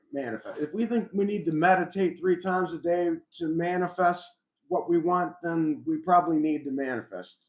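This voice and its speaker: Middle-aged male host, slightly high voice, reflective and rambling, roomy echo. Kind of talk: casual live chat about faith.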